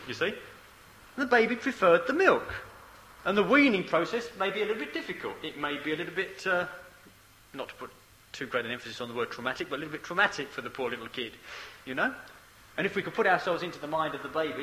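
Male preacher, high voice, bright tone, emphatic then hushed. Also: animated, fast, a little hiss or hum, rough recording. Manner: swings from loud emphatic declarations to low quiet asides. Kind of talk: sermon.

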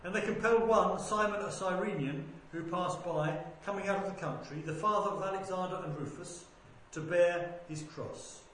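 A man reading a Bible passage aloud in a measured, deliberate way, lifting his voice for quoted speech. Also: sits high, fairly bright tone. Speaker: scripture reader. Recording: very echoey room with faint background noise.

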